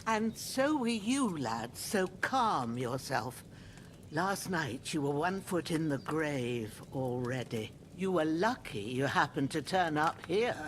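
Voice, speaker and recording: A woman's voice: sits low, very animated, slow pace, slight background noise, heavily acted. An actress in a game playing a brusque old village healer woman tending a wounded young man.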